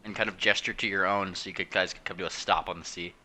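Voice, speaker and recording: A man's voice: sits low, fairly even intonation, fast talker, pushed and bright. A man running a tabletop game as game master, narrating with many hesitations. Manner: hesitant, full of fillers, laughs often.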